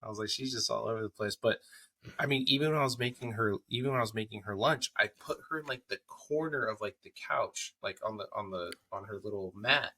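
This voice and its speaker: A man's voice: on the low side, fairly quick, bright, forceful tone, a little hiss or hum. A young man co-hosting a podcast, chatting casually and retelling little home moments vividly. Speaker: podcast co-host. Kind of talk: casual chat.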